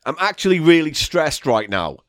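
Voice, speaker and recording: A man's voice: on the high side, big pitch swings, moderate pace, a bit bright, no echo, studio quality. A man co-hosting a comedy podcast, talking in a plain, indignant way. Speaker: podcast co-host.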